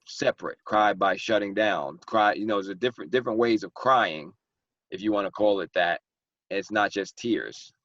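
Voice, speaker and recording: A man's voice: low voice, no room sound, highs cut off. A man, hosting a casual group discussion as the author and acting out people as he talks. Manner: animated, acts out exaggerated characters mid-story.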